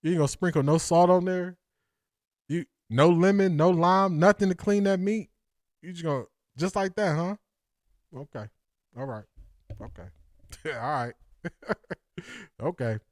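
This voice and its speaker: A man's voice: high-pitched, unhurried, pauses often, no room sound, clean studio sound. A man from Ohio, hosting a casual livestream, joking with chat, laughing often and repeating lines for effect. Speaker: sports talk livestream host reading chat.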